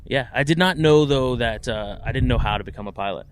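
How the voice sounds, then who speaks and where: A young man with a twang talks in a halting, self-correcting way, full of fillers. His voice sits in a middle pitch. Light background noise hums under him. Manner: hesitant, many restarts and fillers. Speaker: airline pilot guest. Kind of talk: casual podcast chat, reading an ad.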